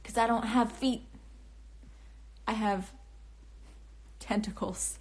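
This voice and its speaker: Speaking slowly in a fairly high, evenly pitched voice, this young woman hosts a phone livestream and also writes books. Her bubbly, meandering replies to comments are full of false starts and laughter, picked up by the phone camera's mic.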